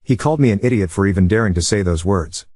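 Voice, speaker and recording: A man narrating an online post as scripted narration, with a brisk, even reading. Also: lowish voice, dry recording, clean studio sound. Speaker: story narrator.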